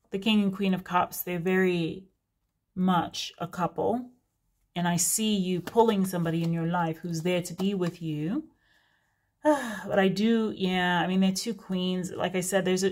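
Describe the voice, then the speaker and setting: A woman giving a casual, frank tarot reading to her viewers, chatty with many fillers and asides. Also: lowish voice. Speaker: tarot reader.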